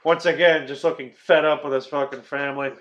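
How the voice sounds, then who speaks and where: A man hosting a podcast in casual chat, swearing often as he retells a film with animated energy. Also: on the high side, fairly quick, muffled recording. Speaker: podcast host.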